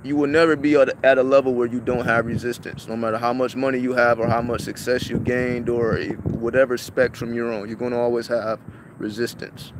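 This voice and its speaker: A man's voice: medium pitch, little pitch movement, fairly quick, background noise. A man vlogging to his viewers, chatting casually with lots of swearing and repeated restarts. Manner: profane, repetitive, restarts often.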